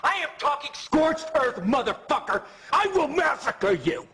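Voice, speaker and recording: A raging foul-mouthed boss. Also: male voice, very high-pitched, very animated, unhurried, a little hiss or hum, heavily acted. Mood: enraged. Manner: shouting threats, profane.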